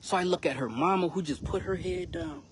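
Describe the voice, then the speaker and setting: A man's voice: a little high, fairly quick, noisy background. Emphatic man telling his story. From South Carolina, US. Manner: emphatic, conversational, frustrated retelling with slang. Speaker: rapper. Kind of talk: storytelling vlog addressed to his son.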